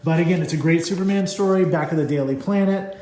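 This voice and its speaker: A middle-aged man with a mellow, slightly raised voice chats through a comic book page by page, rambling and enthusiastic with plenty of ums. The sound carries a noticeable room echo. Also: fairly high pitch, quick pace. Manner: rambling, enthusiastic, many fillers. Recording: echoey room.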